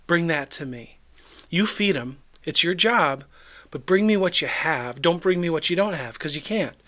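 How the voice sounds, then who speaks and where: Pastor, male, slightly higher voice, relaxed conversational devotional teaching, reads verses aloud. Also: normal speed. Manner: conversational, reads scripture then acts out the disciples.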